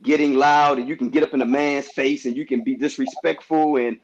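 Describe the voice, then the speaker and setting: A man's voice: mid-range voice, fairly even intonation, fairly quick, a little hiss or hum. A man talking on a casual panel discussion who keeps asking "you know what I mean" and restarts his phrases. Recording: dull lo-fi sound.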